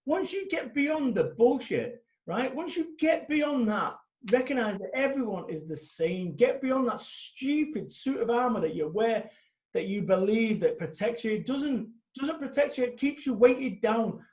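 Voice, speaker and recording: A man's voice: very high voice, expressive, measured pace, a little mellow. A man in his forties, a guest speaker talking bluntly and animatedly in a casual interview, swearing freely. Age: 40s. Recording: echoey room.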